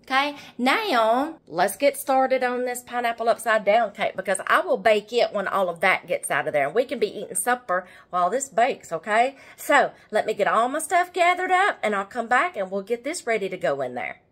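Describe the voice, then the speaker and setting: A woman's voice: a little high, very animated, moderate pace, few pauses, fairly bright tone. An older woman with a Southern US accent, chatting casually to viewers while she cooks in her home kitchen. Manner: chatty, keeps addressing viewers as y'all and checking okay. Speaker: home cooking vlogger. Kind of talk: casual cooking demonstration.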